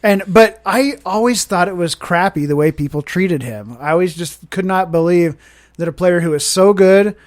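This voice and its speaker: A man's voice: sits high, moderate pace. A man, a podcast guest, telling a rambling story in casual chat and often restarting his sentences. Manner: rambling, self-correcting storyteller.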